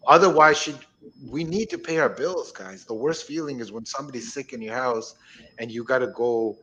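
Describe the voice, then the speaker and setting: A man hosting a casual group chat, telling stories in an animated, rambling way. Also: medium pitch, normal speed, highs cut off, a little hiss or hum. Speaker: host.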